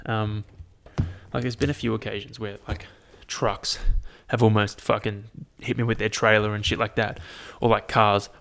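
A man's voice: on the low side, little pitch movement, moderate pace, gravelly, fairly bright tone. A young man, chatting casually to his audience in a rambling, sweary rant. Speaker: vlogger. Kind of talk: casual chat. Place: at home, at a laptop.

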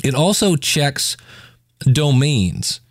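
A man's voice: fairly high pitch, expressive, extremely slow, dry recording, clean studio sound. A man hosting his own podcast, reviewing a web tool in a chatty, informal way with jokey asides. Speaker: podcast host. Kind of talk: casual solo podcast review.

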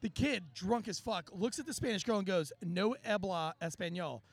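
A man hosting a podcast in casual chat, an animated storyteller who swears freely. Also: sits high, a little fast, slightly rough. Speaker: podcast host.

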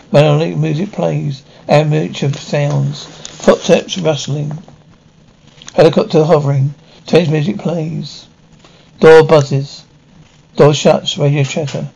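A man reading dialogue and sound cues aloud in a flat, even way. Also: on the high side, measured pace, vocal fry. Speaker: describer. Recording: dull lo-fi recording.

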